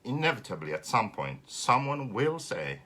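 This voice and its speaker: A man's voice: medium pitch, normal speed. A man from Finland with a Finnish accent, hosting a casual live stream and ranting sarcastically with plenty of swearing. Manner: sarcastic, swearing, animated rant.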